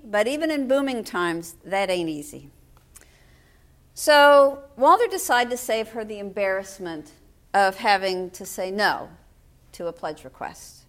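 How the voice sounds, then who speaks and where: A woman's voice: mid-range voice, a bit bright. An older woman pastor delivering a sermon in a storytelling way, with wry humor.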